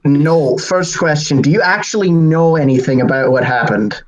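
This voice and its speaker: A man playing a tabletop game, asking measured questions in casual play. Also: fairly high pitch, a crowd in the background, low-quality recording. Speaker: player.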